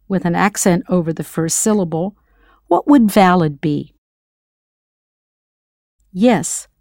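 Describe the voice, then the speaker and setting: In this scripted language lesson, an American woman teacher patiently encourages the listener to respond. Her middle-pitched voice carries a darkish tone. It is recorded close and dry, with no room sound.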